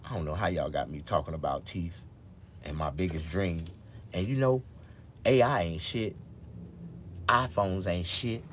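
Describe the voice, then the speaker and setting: A man's voice: measured pace, long pauses, slight background noise. A man chatting casually on a live stream, rambling and swearing, with speech slurred by missing teeth. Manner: rambling, swears a lot, swings from low mumbles to loud excited outbursts.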